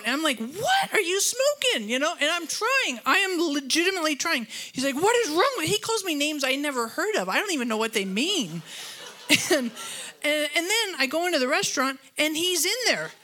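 A woman preaching a church sermon, telling stories with lively, self-deprecating humor. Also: high voice, normal speed. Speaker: guest preacher. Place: church auditorium.

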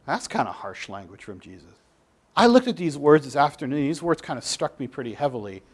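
A man preaching a sermon with passion, swinging between loud emphatic lines and quiet, dropped asides. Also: medium pitch, sing-song, fairly quick, slightly rough. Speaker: pastor.

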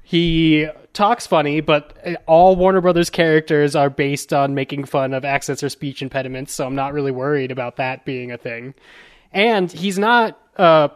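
Halting American man hosting a chat. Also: fairly high pitch, clean tone. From United States. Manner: halting, many fillers and restarts. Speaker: podcast host. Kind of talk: casual panel chat. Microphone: video call.

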